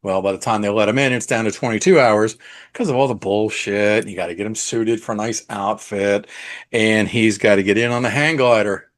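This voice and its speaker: Chatty, cursing man, lowish voice. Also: normal speed. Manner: chatty, profane, enthusiastic, with fillers. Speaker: podcast host. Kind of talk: casual solo movie talk.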